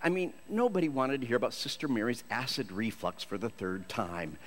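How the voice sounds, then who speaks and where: A man's voice: medium pitch, expressive, fairly quick. A man from Michigan, a Christian actor, giving a humorous storytelling sermon in a self-deprecating, jokey way.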